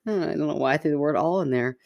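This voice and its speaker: A woman's voice: deep voice, rapid-fire, gravelly, lo-fi sound. A woman co-hosting a podcast in casual chat, laughing often and poking fun at herself. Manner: laughs often, self-mocking. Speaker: podcast co-host.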